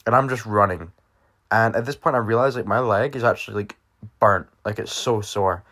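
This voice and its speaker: A young man with a slightly low voice tells a story to camera. His talk is loose and rambling, padded with fillers and casual swearing. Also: normal speed, pushed and bright. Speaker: vlogger. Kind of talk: storytime vlog.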